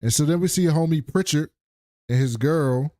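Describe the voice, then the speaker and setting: A man casually recapping a TV episode on a podcast, slangy and profane, acting out characters' lines in quick voices. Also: on the high side, mellow.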